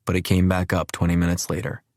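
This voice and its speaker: Deep-voiced male audiobook narrator. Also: completely flat delivery, fast talker, creaky, dry recording, studio quality. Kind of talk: scripted narration.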